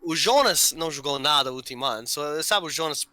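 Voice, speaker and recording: A man hosts a casual live stream and tells stories with lively energy, mixing Portuguese and English. His voice is very bright and smooth. The sound is dry and close. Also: fairly high pitch, fast talker, dry recording, low-quality recording. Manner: lively storyteller, switches between Portuguese and English. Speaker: podcast host.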